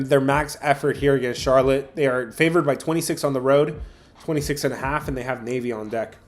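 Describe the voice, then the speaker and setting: A young man hosting a sports betting livestream, chatting casually with viewers about picks, with lots of fillers. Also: on the high side. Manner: chatty, addresses chat viewers directly, frequent fillers.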